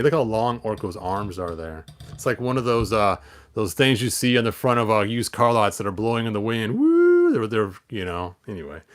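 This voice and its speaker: A man's voice: mid-range voice, a bit bright, slight background noise. A man reading a children's storybook aloud and breaking off for rambling, self-mocking asides and viewer comments. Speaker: storybook reader and streamer. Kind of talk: casual read-aloud with chatty asides.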